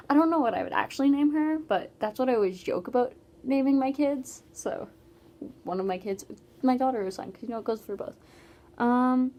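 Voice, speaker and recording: A woman's voice: medium pitch, warm tone. A teenage girl from Canada, chatting casually in a Q&A vlog with many "like"s and trailing asides. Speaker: vlogger.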